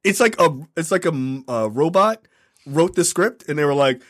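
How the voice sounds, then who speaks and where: A man's voice: fairly high pitch, lively intonation, normal speed. A man co-hosting a casual film review podcast, blunt and profane, laughing at the script. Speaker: podcast co-host.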